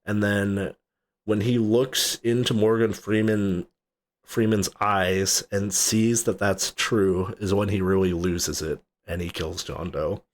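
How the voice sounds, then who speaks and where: Man, low voice, podcast co-host, casual rambling, swears, laughs a lot. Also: steady tone, takes it slowly. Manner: rambling, swears casually, laughs often, acts out movie quotes. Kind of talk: casual movie chat.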